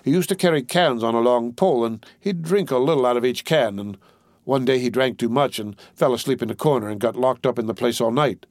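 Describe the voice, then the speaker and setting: A man's voice: medium pitch, a little fast, a little mellow, no echo, clean studio sound, natural voice. A man reading aloud, voicing a weary, desperate young woman in a raised, pleading tone. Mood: flat.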